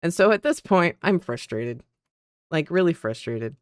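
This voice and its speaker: A woman streamer chatting casually at her PC, telling a story in an animated way and acting out the other people's lines. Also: deep voice, unhurried, smooth, no echo, clean studio sound. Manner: animated, acts out quoted dialogue. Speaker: streamer and content creator.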